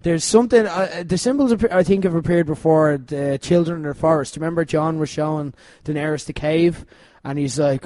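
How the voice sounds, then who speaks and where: A man, co-hosting a casual chat, animated, laughing often and mimicking characters. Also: a little high, moderate pace, hardly any pauses, no room sound. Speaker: podcast co-host.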